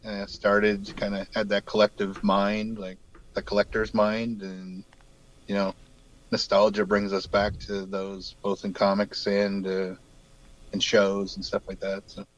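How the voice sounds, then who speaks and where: A man's voice: lowish voice, monotone, unhurried, low-quality recording. Easygoing east coast canadian man. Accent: New Brunswick Canadian. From New Brunswick, Canada. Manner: easygoing, rambling with many fillers. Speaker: guest artist. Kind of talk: casual video-call chat.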